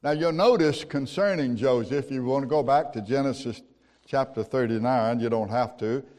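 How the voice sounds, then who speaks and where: A man's voice: mid-range voice, normal speed, a little mellow. A man preaching a sermon, telling stories in a folksy, conversational way with rhetorical questions. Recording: long hall reverb.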